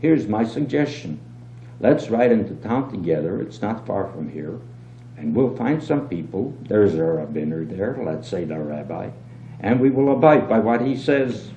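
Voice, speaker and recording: A man reading aloud and voicing a shrewd, calm innkeeper who talks with wheedling mock innocence. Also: lowish voice, normal speed. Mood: soothing. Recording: dull, roomy old home tape with hum.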